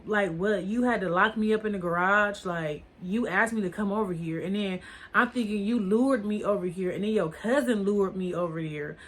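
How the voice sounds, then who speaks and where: A woman with a mid-range voice, speaking at normal speed, casually tells her viewers a story in a storytime vlog. She rambles, curses, and keeps dropping "like" and "or whatever."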